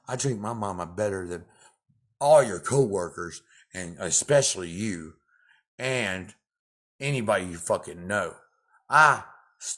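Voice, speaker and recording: Angry man ranting at the camera. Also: fairly low pitch. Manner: angry, profane, repetitive, loud outbursts. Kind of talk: confrontational rant to camera.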